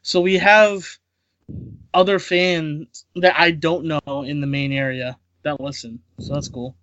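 Self-deprecating podcast regular telling a story. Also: male voice, a little high, level tone, measured pace, a bit bright, no room sound, dull audio. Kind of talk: casual anecdote.

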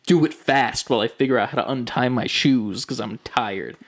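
A young man casually telling a long story, animated and profane, acting out the people in it. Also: medium pitch, moderate pace, dry recording, studio quality. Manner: animated, swearing, acts out voices in his stories.

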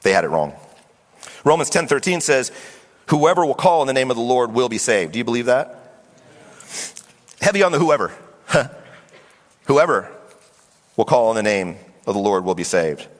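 A middle-aged man preaching a sermon as pastor, animated and acting out voices of Bible figures. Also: mid-range voice, moderate pace, long pauses. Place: church sanctuary. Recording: long hall reverb.

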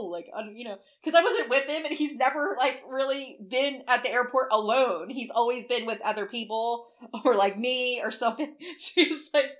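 Bright-voiced middle-aged woman telling stories. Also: a little high, steady tone, fairly quick, hardly any pauses. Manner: rambling storyteller, swears freely, laughs often. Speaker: podcast co-host. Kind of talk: casual chat.

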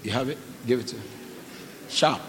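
A man's voice: medium pitch, moderate pace, gravelly. A male pastor exhorts his congregation, repeating short commands and quizzing people directly as he calls them forward. His voice carries a long echo in the hall, with faint noise underneath. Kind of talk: sermon calling for offerings. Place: church.

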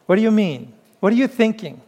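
A man preaching a sermon to his congregation in a relaxed, conversational way, often pausing on "uh", with playful asides that draw laughs. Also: high-pitched, muffled recording. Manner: conversational preaching with frequent "uh" fillers. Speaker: pastor.

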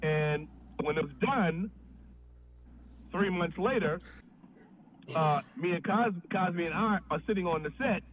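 A man's voice: high voice, measured pace, pauses often, narrow, tinny audio, slight background noise. A man, a podcast guest, telling a long story in a loose, profane way, often restarting his sentences. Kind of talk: casual storytelling.

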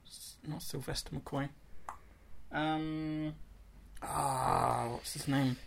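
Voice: medium pitch, steady tone, drawn-out words, gravelly. A co-host in casual chat, hesitant with lots of ums, working through nerdy TV trivia.

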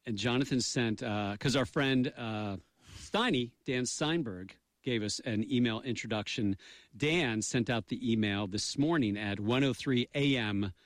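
A man's voice: mid-range voice, measured pace, no echo. Playful man co-hosting a radio show. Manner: playful, goofy, mock-pompous announcer voice. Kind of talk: jokey radio banter.

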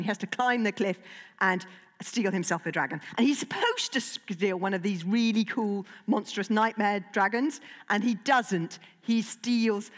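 A woman children's author talking playfully to a young audience, asking them questions and reading aloud. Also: medium pitch. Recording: long hall reverb.

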